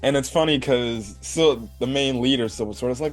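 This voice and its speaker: A man's voice: medium pitch, moderate pace, few pauses, soft background music. A man casually recapping an anime episode, rambling with lots of fillers and cursing. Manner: rambling, swears, many fillers like "like" and "right". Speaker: anime reviewer.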